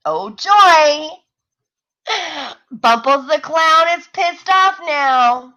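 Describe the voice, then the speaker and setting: A woman's voice: sits high, lively intonation, very slow, pushed and bright, highs cut off. A woman hosting a livestream, ranting and mocking in heated, profane commentary. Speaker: livestream host. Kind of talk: heated live-stream commentary.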